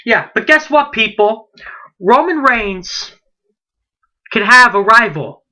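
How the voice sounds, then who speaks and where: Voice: medium pitch, animated, takes it slowly, bright, forceful tone. A late-teen wrestling vlogger in a heated, indignant rant, firing off rhetorical questions and repeating himself. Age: late teens.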